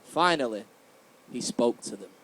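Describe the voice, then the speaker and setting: A man's voice: mid-range voice, expressive, measured pace, a bit bright, a little hiss or hum. Playful young man reading to kids. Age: young adult. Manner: playful, questions the audience, laughs at his own slips. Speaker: guest reader at a children's event. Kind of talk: reading a picture book aloud to children.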